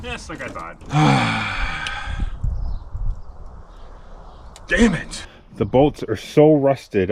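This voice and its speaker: Male DIY vlogger, mid-pitched, self-deprecating, commentary while working outdoors in wind. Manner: wry, self-mocking, mutters while working. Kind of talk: casual running commentary while wrenching.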